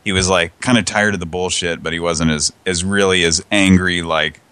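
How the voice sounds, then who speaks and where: A man's voice: sits low, steady tone, moderate pace, bright, forceful tone, clear, resonant tone, no echo. A man co-hosting casual comedic banter, rambling and hesitant in a laid-back way. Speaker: podcast co-host.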